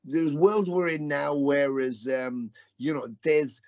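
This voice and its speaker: A man's voice: fairly high pitch, takes it slowly, no room sound. A man being interviewed as a musician, talking in a rambling, reflective way with many restarts. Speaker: musician guest. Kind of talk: casual interview chat. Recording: slightly dull, dry audio.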